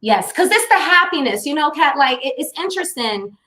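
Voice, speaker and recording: A woman chats as a guest in a casual live-streamed interview. Her voice sits a little high. She talks loosely, filling her talk with "you know" and "like," and laughs easily. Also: lively intonation, a little fast, bright, forceful tone.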